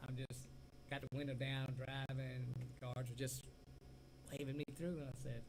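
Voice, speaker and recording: A man's voice: medium pitch, steady tone, moderate pace, gravelly, darkish tone, a little hiss or hum, rough recording. A man with a Southern US accent co-hosting a casual talk show, telling rambling stories and often trailing off. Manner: rambling storyteller, laughs easily, trails off mid-sentence. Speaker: co-host. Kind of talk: casual chat.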